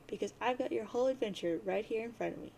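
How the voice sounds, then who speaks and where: A woman's voice: a little high, fast, gravelly, warm tone, a little hiss or hum. A woman reading a webcomic aloud, voicing a blunt, teasing blind teenage girl in a bossy, mocking way.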